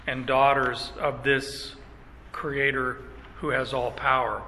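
A middle-aged man preaching a sermon as pastor, emphatic, stressing words in slow phrases. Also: mid-range voice, little pitch movement, sharp tone, big-room sound, poor audio.

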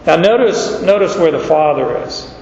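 A man's voice: animated, normal speed, gravelly, darkish tone. A pastor giving an expository sermon in a conversational way, explaining with asides and repeating words as he goes. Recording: echoey hall, dull sound, faint rumble.

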